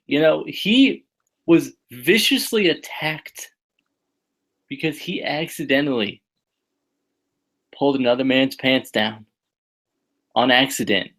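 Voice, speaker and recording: A man co-hosting a podcast, talking in a deadpan, mock-serious, sarcastic way. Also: mid-range voice, slow, pauses often. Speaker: podcast co-host. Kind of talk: casual wrestling review chat.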